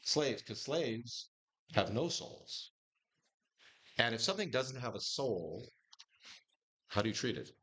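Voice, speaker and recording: A man's voice: mid-range voice, very animated, slow pace, long pauses, fairly bright tone. A man teaching a Bible study group in a conversational style, restarting phrases and lifting his voice when quoting scripture.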